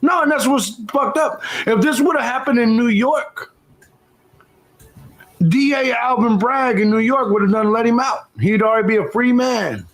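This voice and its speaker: Gravelly blunt male streamer. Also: very high voice, moderate pace, low-quality recording. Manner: blunt, profane, reads out chat donations. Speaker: livestream host. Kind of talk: casual livestream commentary.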